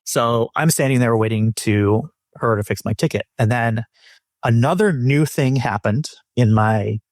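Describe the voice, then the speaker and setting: Animated, swearing male podcast host. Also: mid-range voice, measured pace, no room sound, clean studio sound. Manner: animated storytelling with swearing and quoted voices. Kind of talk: casual chat.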